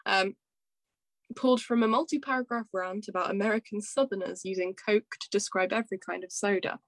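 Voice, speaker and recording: A woman's voice: medium pitch, a little fast, no room sound. A young woman co-hosting a podcast, reading quotes aloud with giggles and stumbles in casual chat.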